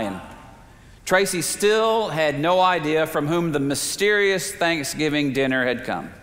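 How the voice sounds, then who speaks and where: A man preaching a sermon, telling a story in a measured way with slow, emphatic pauses. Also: fairly high pitch, fairly bright tone. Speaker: pastor. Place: church sanctuary. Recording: reverberant sanctuary.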